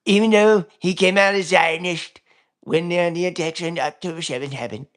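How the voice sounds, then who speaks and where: A man's voice: high voice, fairly even intonation, normal speed, a bit bright. A man hosting a livestream, rambling through political commentary with lots of fillers and swearing. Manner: rambling, crude, many fillers. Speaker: livestream host. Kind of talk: casual political commentary stream.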